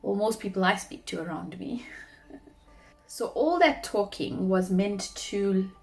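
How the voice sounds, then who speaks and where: A woman's voice: medium pitch, measured pace. Chatty South African woman vlogger. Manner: chatty, animated, drops into soft asides. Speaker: beauty vlogger. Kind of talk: casual makeup tutorial chat.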